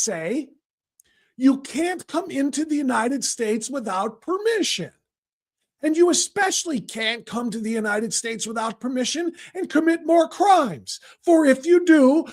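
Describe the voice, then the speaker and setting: Angry guy ranting on his talk show, sarcastic, gets shouty. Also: very high voice, lively intonation, slow. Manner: sarcastic, mocking. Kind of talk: heated political commentary.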